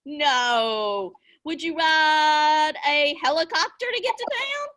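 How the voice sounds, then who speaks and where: A middle-aged woman teaching young children over a video call, slow and sing-song, encouraging them with little gasps of delight. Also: high voice, animated, a bit bright. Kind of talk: online class lesson for young children.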